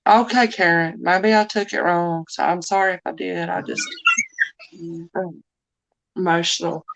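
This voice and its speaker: A woman's voice: fairly low pitch, fairly even intonation, a little slow, vocal fry, a little hiss or hum, rough recording. A middle-aged woman hosting a casual live chat, emotional and apologetic, rambling as she talks. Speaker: live stream host.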